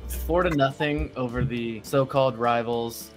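A man hosting a casual sports podcast, playful and jokey and quick to laugh. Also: mid-range voice, faint music behind. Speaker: podcast host.

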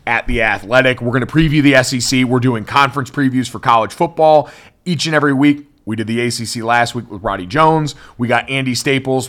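A man hosting a sports podcast in casual, chatty talk full of asides. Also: medium pitch. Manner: chatty, many "like" fillers, lively asides. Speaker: podcast host.

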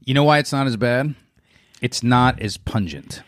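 A man who is a dog trainer, a guest in a casual drinking game, reacting loudly and laughing. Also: mid-range voice, normal speed, dry recording, clean studio sound. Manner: animated, laughing, swearing reactions.

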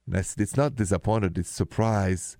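A man's voice: lowish voice, normal speed, a little mellow, dry recording, studio quality. Man in his fifties hosting radio. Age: 50s. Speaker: radio host. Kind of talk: late-night radio call-in show.

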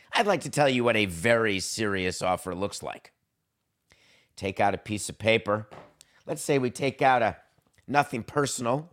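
A middle-aged man hosting a solo sports podcast, talking in a jokey, theatrical way and swinging his pitch up for emphasis. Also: a bit bright. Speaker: podcast host.

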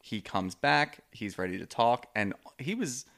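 A man's voice: mid-range voice, expressive, a little slow, creaky, fairly bright tone. A man co-hosting a podcast, recapping a reality show in casual, rambling chat full of "like.". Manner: rambling, hedging with "like". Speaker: podcast co-host.

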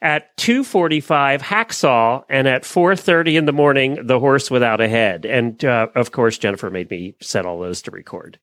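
An easygoing middle-aged man co-hosting a talk show, at an ordinary pitch, plainspoken and full of fillers. His voice is recorded close and dry, with no room sound. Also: moderate pace, few pauses, fairly bright tone, dry recording. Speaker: co-host. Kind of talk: casual chat, reading news items.

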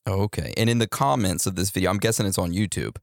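A man co-hosting a casual podcast, talking in an unhurried, musing way with drawn-out questions. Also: sits low, gravelly, no echo, studio quality. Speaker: podcast co-host.

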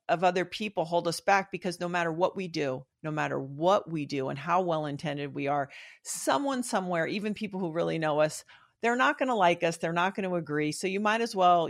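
A middle-aged woman speaking as a guest in a casual interview, reflective and earnest, often restarting her sentences. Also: fairly low pitch.

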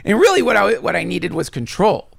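A man's voice: high voice, wildly swooping pitch, a little fast, vocal fry. A man talking casually as a podcast guest, swearing freely and swinging his voice up and down as he voices his own thoughts.

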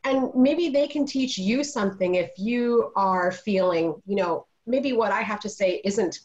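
A woman's voice: mid-range voice, unhurried, a little mellow. A middle-aged woman on a video call, telling a parenting story in an earnest, casual way. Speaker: panelist. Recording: dull lo-fi video call audio.

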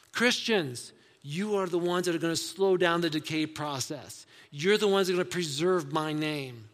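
High-voiced man preaching in a reverberant hall. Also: normal speed. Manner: conversational preaching with rhetorical questions. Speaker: pastor. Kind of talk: sermon.

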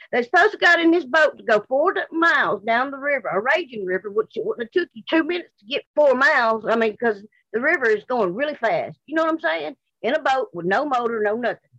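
A woman's voice: fairly high pitch, lively intonation, brisk, hardly any pauses, fairly bright tone, no room sound, dull audio. A woman with a Southern US accent from Mississippi, bluntly and indignantly recounting her daughter's disappearance in an interview, repeating herself. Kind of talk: emotional interview testimony.

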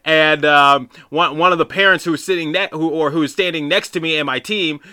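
A man's voice: a little high, fairly even intonation, fairly quick, bright, forceful tone, clean tone. A man hosting a podcast, telling a story in a casual, rambling way with many restarts and asides. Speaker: podcast host.

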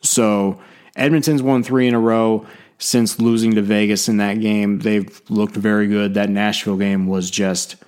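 A man's voice: on the low side, level tone, darkish tone, smooth. Chatty man rambling about hockey. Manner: chatty and rambling, quick bursts with self-deprecating asides. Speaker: podcast host. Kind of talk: casual sports commentary podcast.

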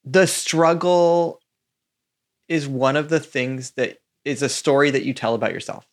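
A man co-hosting a casual podcast, speaking at an unhurried pace. He reacts with enthusiasm and thinks aloud as he reflects. His pitch is in the middle. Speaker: podcast co-host.

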